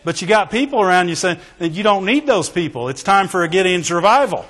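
A man with a high, lifted voice preaches to his congregation, leaning hard into each point and punctuating it with shouted praise and questions for the room. His words ring out into a large church sanctuary and hang in a long reverb. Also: lively intonation, a little fast. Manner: emphatic, with call-and-response exclamations. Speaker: pastor. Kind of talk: sermon.

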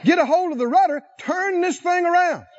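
Rousing high-voiced male preacher. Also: brisk, dull audio. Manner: rousing, calls to the congregation, laughs often. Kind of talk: sermon.

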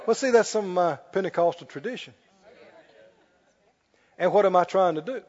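Animated high-voiced preacher in a reverberant hall. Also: male voice, normal speed. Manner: animated storytelling with laughs and loud prayer bursts. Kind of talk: sermon. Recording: dull lo-fi sound with long hall reverb.

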